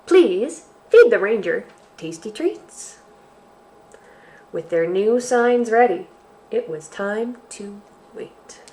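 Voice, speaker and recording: Female storytime host, mid-pitched, unhurried, expressive picture-book reader for young children. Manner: slow, sing-song and expressive, addressing young children.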